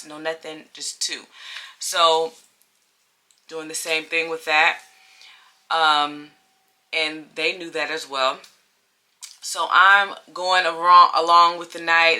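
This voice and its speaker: A woman vlogger telling a personal story in a chatty, animated way, repeating phrases for emphasis. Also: low-pitched. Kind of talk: casual storytime.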